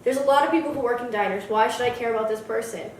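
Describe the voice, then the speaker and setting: A woman's voice: a little high, very fast, slight background noise. A woman co-hosting a movie review podcast, talking bluntly and with strong opinions. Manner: blunt, opinionated, animated with mock voices. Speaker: podcast co-host. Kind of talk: casual movie review chat. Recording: echoey room, distant mic.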